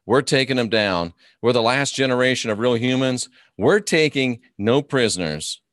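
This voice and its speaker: A man's voice: mid-range voice, animated, normal speed, a bit bright, no echo, studio quality. A man hosting a live stream, ranting and mocking his opponents while reading viewer comments aloud. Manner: mocking, combative, reads chat comments aloud.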